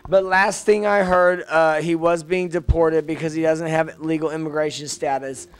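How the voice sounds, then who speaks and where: A man's voice: a little high, steady tone, normal speed, clean tone, low-quality recording. A young man as an interview guest, chatting casually with gossipy, blunt talk and free swearing.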